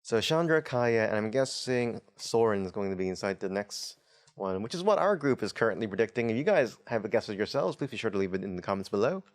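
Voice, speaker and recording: A man's voice: lowish voice, big pitch swings, fast. Chatty man opening card packs. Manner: chatty, reads card text aloud, wry asides. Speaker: host of a tabletop channel. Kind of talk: casual unboxing commentary.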